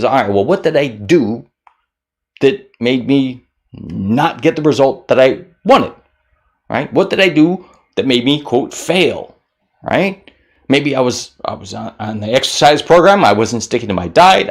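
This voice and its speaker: A man giving a motivational talk to camera, animated, mocking common excuses in whiny voices. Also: mid-range voice. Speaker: motivational speaker.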